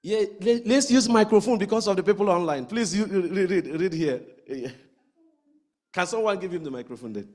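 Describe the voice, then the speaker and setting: A man with a high, ringing voice preaches in a church. His words carry a long reverb that trails off through the sanctuary. He presses the congregation with question after question and repeats key phrases for weight. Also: a little fast, darkish tone. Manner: rhetorical questions, repeats lines for emphasis. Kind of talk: sermon.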